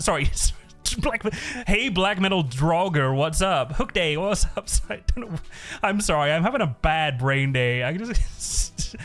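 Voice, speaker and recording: A man's voice: on the high side, fairly bright tone. A man streaming live, chatting casually in a rambling way, swearing a lot and laughing often.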